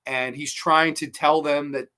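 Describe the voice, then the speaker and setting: Excitable, foul-mouthed man reviewing films. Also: fairly high pitch, measured pace. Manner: excitable, swears freely, retells scenes. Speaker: host of a horror movie review show. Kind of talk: casual movie review chat.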